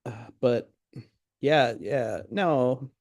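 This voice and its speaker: A man's voice: mid-range voice, very slow, darkish tone, no room sound, studio quality. A man co-hosting a casual podcast, with blunt, crude jokes.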